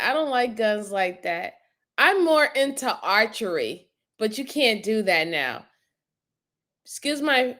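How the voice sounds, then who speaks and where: A woman's voice: fairly high pitch, fairly bright tone. A woman hosting a crime commentary show, talking casually in an outspoken, exasperated way and then apologizing for her cussing. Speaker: host reacting to crime footage.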